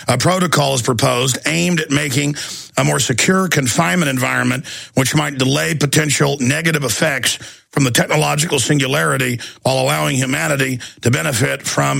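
Gravelly, ranting male radio host. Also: mid-range voice, sharp tone, dry recording. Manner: intense, ranting, combative. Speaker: radio talk show host. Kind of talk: talk radio monologue.

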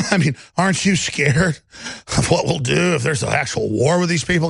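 A man hosting a talk radio show, ranting in an agitated way that swings from mumbling to loud. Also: a little high, animated, moderate pace, vocal fry, husky, dry recording, clean studio sound. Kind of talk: heated talk radio monologue.

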